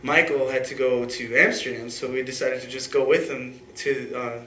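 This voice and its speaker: Telling a personal story live at a story slam with an audience, a young man speaks at a moderate pace in a medium-pitched, fairly bright voice with fairly even intonation. His delivery is casual and rambling, with fillers and restarts, in an echoey room with faint ambience and slight background noise.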